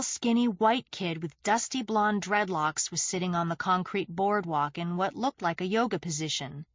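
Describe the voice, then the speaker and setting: A woman reads a thriller aloud in the first person, her pacing measured and steady. Her voice sits in a middle register and is recorded very close and dry, with no room sound at all. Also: mid-range voice, no room sound, muffled recording. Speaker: audiobook narrator.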